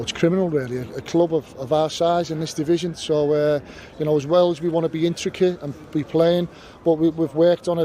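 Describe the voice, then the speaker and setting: Measured football manager, outdoor noise. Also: male voice, on the high side, warm tone. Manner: measured, hesitant with fillers. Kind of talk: post-match interview.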